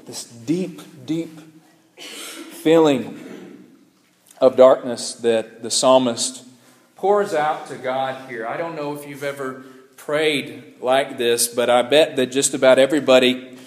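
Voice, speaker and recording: A man's voice: mid-range voice, slow. A man preaching a sermon, earnest and searching, often repeating words and restarting phrases as he explains scripture. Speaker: pastor.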